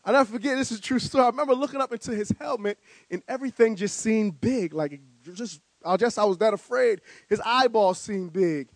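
Male guest speaker from New Jersey, high voice, dry close sound, animated storytelling with stammers. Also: fairly quick, no echo. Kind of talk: storytelling speech.

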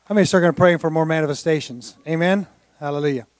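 A man's voice: fairly high pitch, quick pace, dry recording. A man who is a pastor, preaching an earnest sermon and quoting scripture.

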